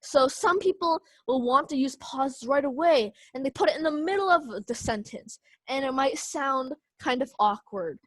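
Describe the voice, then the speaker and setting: High-voiced young woman teaching speech. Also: moderate pace, hardly any pauses, no room sound. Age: young adult. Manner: casual, many fillers like "kind of" and "um". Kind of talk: online class lecture.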